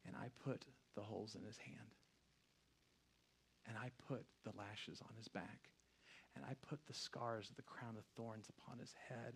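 A man preaching a sermon, speaking in a soft, hushed and earnest tone as he appeals to his listeners. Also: on the low side, steady tone, normal speed, gravelly, a little hiss or hum.

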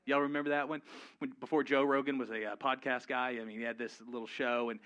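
A man's voice: medium pitch, steady tone, quick pace, fairly bright tone, highs cut off. A man preaching a sermon to his congregation, conversational and humorous, rising to emphatic peaks. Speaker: pastor. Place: church before a live congregation.

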